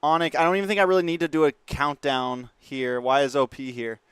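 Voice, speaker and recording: A man's voice: on the high side, fairly even intonation, a little fast, fairly bright tone, smooth, no room sound, clean studio sound. A young man livestreaming, chatting casually with his viewers and laughing often. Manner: laughs often, talks straight to chat. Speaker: livestreamer and esports caster.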